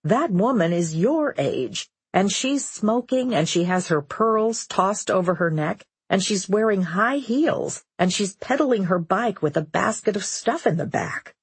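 A woman voicing a grown daughter who is earnest and gently questioning toward her mother. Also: mid-range voice, animated, a little slow, hardly any pauses, husky, no echo, voice pushed up, full character voice. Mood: marveling. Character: grown daughter, worried and watchful.

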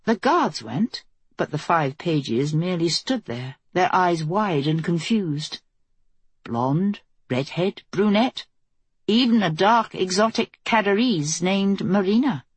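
A woman reading a fantasy novel aloud as the narrator, in a steady, measured way. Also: fairly low pitch, husky, no room sound. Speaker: audiobook narrator.

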